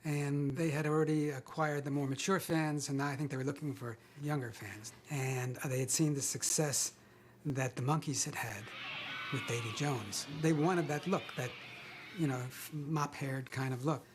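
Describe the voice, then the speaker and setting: A man's voice: medium pitch, steady tone, normal speed, a little hiss or hum. An older man, an actor guest in an interview, telling self-deprecating anecdotes with hesitant restarts.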